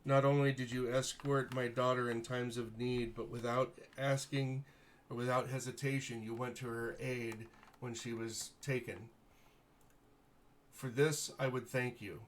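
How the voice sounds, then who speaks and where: A man's voice: mid-range voice, level tone, measured pace, slight background noise, close to an everyday voice. A man voicing a gracious noble baron who addresses heroes in formal, stately court speech. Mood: grateful, formal.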